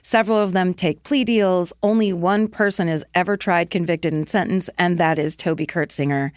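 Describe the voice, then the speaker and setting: A middle-aged woman co-hosting a podcast, telling a true-crime story in a relaxed, chatty way. Her voice sits a little low, and she laughs easily between her notes. The sound is close and dry, with no room around it. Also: moderate pace, no echo. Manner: chatty, laughs often, reads case notes then riffs. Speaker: podcast co-host.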